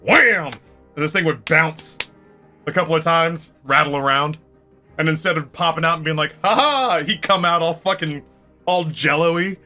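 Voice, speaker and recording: A man streaming a game, telling a story in a casual, animated way, swearing freely and laughing often. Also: fairly high pitch, moderate pace, soft background music.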